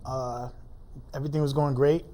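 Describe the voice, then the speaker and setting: Man, dark mellow voice, lots of uh and like, telling a rough personal story on an interview show. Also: mid-range voice, little pitch movement. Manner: informal, halting speech with many fillers. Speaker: interview guest.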